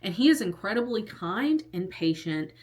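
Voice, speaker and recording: A young woman telling a personal story in a casual storytime vlog, lively and often laughing. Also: medium pitch, normal speed. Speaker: vlogger.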